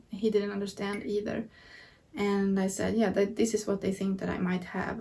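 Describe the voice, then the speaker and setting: Woman with a flat, gravelly voice. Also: medium pitch, brisk, distant mic. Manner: earnest, candid retelling of events. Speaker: vlogger sharing her illness story. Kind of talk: personal storytelling to camera.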